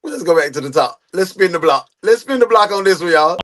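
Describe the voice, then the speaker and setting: Guy hosting a reaction stream, high voice that jumps all over, loud and lively asides, reads chat out loud. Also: a little fast. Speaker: live stream host reacting to true crime videos. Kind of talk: casual live stream commentary.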